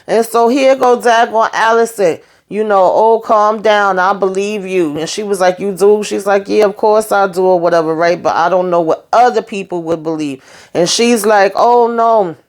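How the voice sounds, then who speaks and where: A woman's voice: mid-range voice, moderate pace. A woman casually recapping a TV episode, blunt and outspoken, swearing freely and briefly voicing the characters as she retells each scene. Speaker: TV show recapper.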